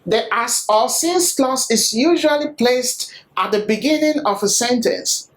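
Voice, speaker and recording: A woman reading a scripted English grammar lesson, slowly and deliberately, with example sentences. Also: fairly high pitch, expressive, poor audio. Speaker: English teacher.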